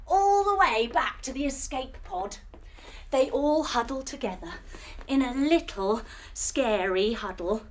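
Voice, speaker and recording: A woman telling a guided yoga story for children, playful and animated with sound effects. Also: sits high, measured pace. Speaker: kids' yoga instructor and storyteller.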